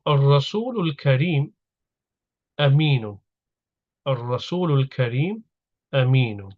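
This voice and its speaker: A man with a middle-range voice leads a recorded grammar lesson. He explains each step patiently and repeats the key terms. The recording sounds slightly dull and lo-fi. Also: medium pitch. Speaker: Arabic grammar teacher.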